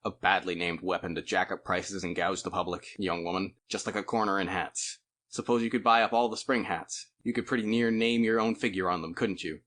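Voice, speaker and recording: A man's voice: low voice, fairly even intonation, a little fast, a bit bright. A man voicing an impatient, wry newspaper reporter in an audiobook. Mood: explaining. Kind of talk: audiobook character voice.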